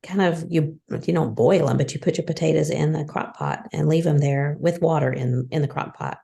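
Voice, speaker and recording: A woman hosting a podcast in casual chat, hoarse with a frog in her throat, chatty and conversational. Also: normal speed, warm tone. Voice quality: deep and husky. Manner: chatty, conversational, many restarts. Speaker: podcast host.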